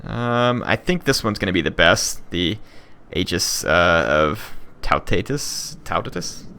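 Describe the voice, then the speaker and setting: A young man narrates his strategy game turn in a deep voice with a bright, pushing edge to it. He talks casually, thinking out loud, trailing off into ums and half-finished restarts. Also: lively intonation, measured pace, clear, resonant tone. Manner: thinking aloud, many fillers and restarts. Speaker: gaming channel host. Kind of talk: casual let's-play commentary.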